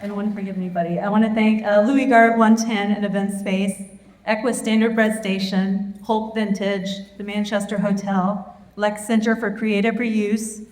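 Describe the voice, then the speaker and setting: A woman organizing a festival, giving a halting live stage speech full of ums in a large theater. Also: mid-range voice, level tone, darkish tone. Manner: halting, many ums, gets emotional. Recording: echoey theater hall.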